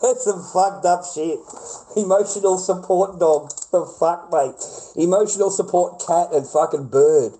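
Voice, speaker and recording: Australian livestreamer, middle-aged man, high-pitched voice, heated profane rant. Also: unhurried, warm tone, poor audio.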